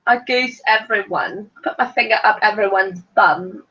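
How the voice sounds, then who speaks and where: In a dull lo-fi home recording, a thirtysomething woman co-hosts a laid-back reality TV chat podcast, teasing bluntly and swearing in fun. Her medium-pitched voice is pushed and bright, moving at a moderate pace.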